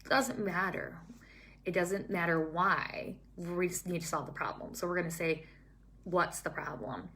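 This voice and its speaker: A young woman with a lowish voice explains things to fellow teachers one step at a time. She talks in a calm, steady way. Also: normal speed. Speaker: early childhood teacher. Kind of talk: scripted-feeling teaching talk to staff.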